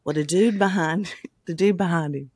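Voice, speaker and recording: A woman, co-hosting a podcast and telling animated, profane stories with lots of laughter. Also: on the low side, moderate pace, breathy edge, no echo, clean studio sound. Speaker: podcast co-host. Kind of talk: casual storytelling chat.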